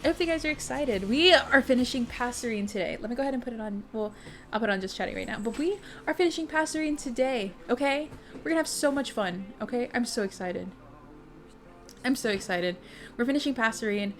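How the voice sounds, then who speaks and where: Her fairly high, fairly bright voice moves a little fast and has lively intonation. Streaming from home over faint music, the young host chats cheerfully with her audience, calls out viewers by name and drops the occasional curse word.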